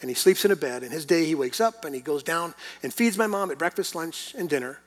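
Middle-aged pastor preaching with emphasis. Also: male voice, on the high side, animated, fast talker. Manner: storytelling, then emphatic preaching with rhetorical questions. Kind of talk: sermon.

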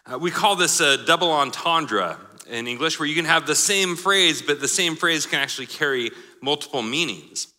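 A man's voice: fairly high pitch, animated, normal speed, few pauses, pushed and bright. A man preaching a sermon, joking and laughing at his own examples. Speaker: pastor. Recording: live sermon in a hall with long reverb.

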